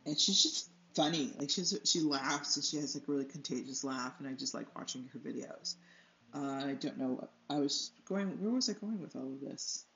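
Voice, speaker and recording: An American artist and channel host with allergies chats casually while she paints, her bass voice gravelly yet fairly bright at a moderate pace. She rambles, loses her train of thought and laughs often, in a slightly dull, roomy recording with faint music.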